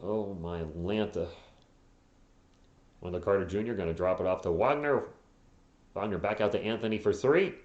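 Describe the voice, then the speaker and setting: A hoarse man hosting a live fan play-by-play stream, calling plays quickly and tossing in joking asides and replies to viewers. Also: on the low side, a little mellow, roomy sound, lo-fi sound. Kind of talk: casual live play-by-play commentary.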